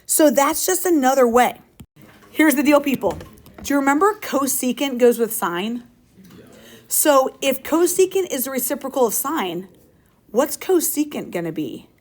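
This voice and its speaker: Her voice sits high and is very animated, moving at a moderate pace as she teaches math. This high school teacher keeps the classroom lecture upbeat and playful, regularly turning questions to the class.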